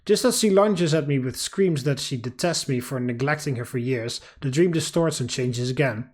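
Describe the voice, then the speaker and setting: A man hosting a game playthrough, reading the story aloud in a steady, dramatic way with casual asides. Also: mid-range voice, moderate pace. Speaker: let's play host. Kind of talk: reading a visual novel aloud.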